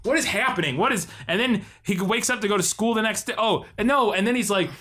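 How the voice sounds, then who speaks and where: Male co-host, casual and laughing, slightly raised pitch, plays out scenes. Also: fast, pushed and bright. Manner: loose, laughing, acts out film dialogue in silly voices. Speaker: podcast co-host. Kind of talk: casual movie-review chat.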